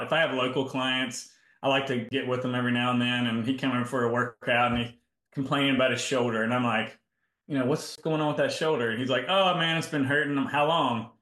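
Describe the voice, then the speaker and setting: A man's voice: mid-range voice, steady tone, a little fast, a bit bright, echoey room. A middle-aged man, a health coach telling client stories in a casual interview and acting out both sides of each conversation.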